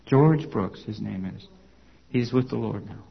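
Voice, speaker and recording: A man's voice: mid-range voice, a little slow, gravelly, slightly rough, highs cut off. A man, a former congregation elder, telling his personal testimony to an audience in a conversational storytelling way, full of "you know" and "okay?" asides.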